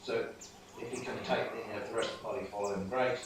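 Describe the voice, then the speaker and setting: Low voiced guy describing his character's moves, lots of ums, sounds far off in an echoey room with hiss. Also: fairly even intonation, fast. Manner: hesitant, many ums and restarts. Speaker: player. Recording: roomy distant mic with background noise.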